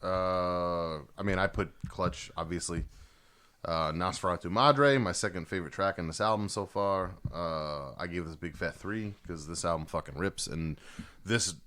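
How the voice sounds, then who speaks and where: A man co-hosting a music podcast, talking in loud, excitable, profane banter while reviewing albums. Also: deep voice, moderate pace. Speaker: podcast co-host. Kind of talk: casual chat reviewing albums.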